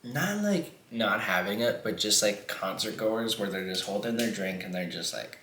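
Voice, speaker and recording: A man's voice: lowish voice, lively intonation, normal speed, pushed and bright, a little hiss or hum. A man vlogging a mukbang, telling a story in a rambling, profane way and laughing often. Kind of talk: casual storytelling while eating. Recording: echoey room.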